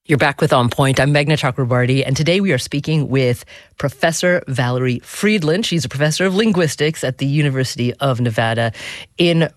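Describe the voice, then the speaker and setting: A woman's voice: a bass voice, a little fast, dry recording. A woman hosting a radio interview, phrasing her questions in a thoughtful, searching way. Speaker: radio host. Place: radio studio.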